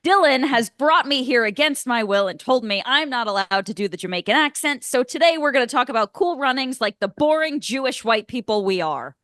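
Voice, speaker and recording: A woman co-hosting a movie podcast, telling stories in a lively, animated way and acting out what people said. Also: sits high, brisk, hardly any pauses, dry recording, clean studio sound. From United States. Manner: animated storytelling, swearing, acting out quotes. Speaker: podcast co-host. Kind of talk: casual chat.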